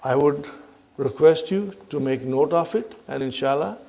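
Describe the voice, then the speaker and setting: Teaching Arabic grammar to a class, this man speaks at normal speed in a slightly high, gravelly, warm voice. He asks his questions more than once, checks with "huh?" and "are you with me" that students follow, and calls them brothers and sisters.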